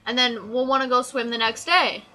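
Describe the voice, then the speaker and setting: A woman's voice: a little high, fairly even intonation, moderate pace, bright, forceful tone, low-quality recording. A teenage girl vlogging a casual, sarcastic rant about her pet peeves. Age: teens. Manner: chatty, exasperated, sarcastic. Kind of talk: casual ranting list.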